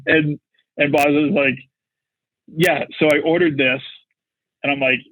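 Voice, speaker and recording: On a podcast, a marketing executive tells a casual anecdote, rambling along with constant "like" and "you know." His voice sits a little high and stays steady, unhurried, and slightly bright. The recording is dry with no echo, and the sound is dull and lo-fi.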